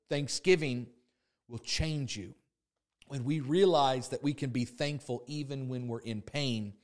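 A man's voice: medium pitch, darkish tone. A man preaching a sermon with emphatic, repetitive phrasing, acting out the complaints of his listeners. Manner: emphatic, repetitive preaching with voiced congregant laments. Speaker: pastor.

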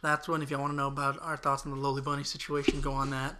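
Young male podcast co-host, bright tone, profane rant. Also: mid-range voice, completely flat delivery, rapid-fire, a little hiss or hum. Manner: profane, ranting. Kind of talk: casual podcast chat. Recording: audio-only podcast.

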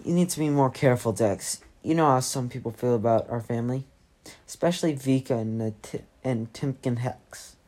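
A woman's voice: a bass voice, moderate pace, warm tone. A woman reading the part of a wry, short-tempered shopkeeper father in a storybook. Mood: exasperated. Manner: gruff, exasperated.

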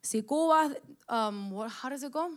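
A woman's voice: high voice, animated, moderate pace. A young woman from the United States giving an impassioned personal monologue, emotional and close to tears, swearing as she speaks.

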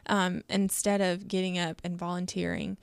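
A woman's voice: fairly low pitch, level tone, moderate pace, creaky, clean tone, no room sound. A young woman co-hosting a casual faith discussion, earnest and chatty, laughing often. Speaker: podcast co-host.

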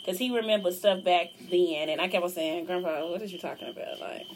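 A woman co-hosting a casual chat, telling stories with loud, lively impressions of people. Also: fairly low pitch, a little fast, a crowd in the background. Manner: animated storyteller, loud mimicking of cussing couples. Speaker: podcast co-host. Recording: heavy background noise.

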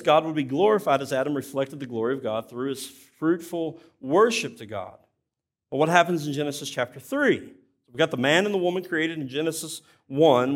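Conversational male pastor with a higher voice. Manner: plainspoken and conversational, with restarts. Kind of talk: sermon.

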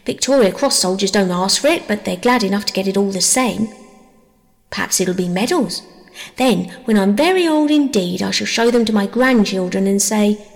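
A woman voicing a cocky, boastful young boy in a storybook reading, blunt and teasing, with a gravelly tone and long reverb. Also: mid-range voice, lively intonation, moderate pace.

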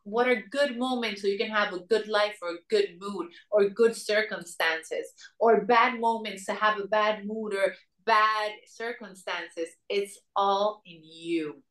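A woman's voice: mid-range voice, measured pace, fairly bright tone. A woman with a Dominican Spanish accent, telling a story earnestly as an interview guest. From Dominican Republic. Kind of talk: casual interview conversation. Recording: roomy sound, distant mic.

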